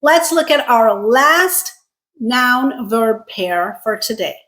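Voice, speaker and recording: Female teacher, fairly high voice, unhurried, precise enunciation with exaggerated stress on syllables. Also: expressive, a bit bright, rough recording. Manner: slow, carefully enunciated, stressing syllables for contrast. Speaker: English pronunciation teacher. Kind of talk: scripted teaching.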